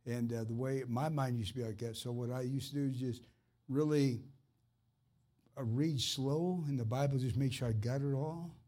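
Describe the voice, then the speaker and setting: A man's voice: medium pitch, steady tone, moderate pace, mellow. Earnest man preaching informally. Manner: earnest, conversational, fervent. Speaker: minister. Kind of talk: informal preaching and personal ministry.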